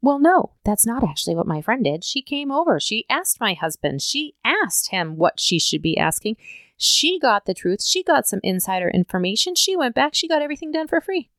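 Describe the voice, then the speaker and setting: A woman's voice: on the high side, big pitch swings, moderate pace, fairly bright tone, dry recording, studio quality. A woman hosting a talk show, speaking casually and emphatically, often checking in with the listener. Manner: emphatic, conversational, keeps asking "right?". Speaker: podcast host.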